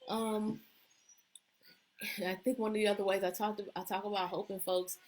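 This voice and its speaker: A woman life coach giving a casual live-stream pep talk from home, with many ums and pauses. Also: mid-range voice, level tone. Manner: warm-hearted, loose, with many ums and uhs. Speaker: leadership and empowerment coach. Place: at home at a table with children nearby.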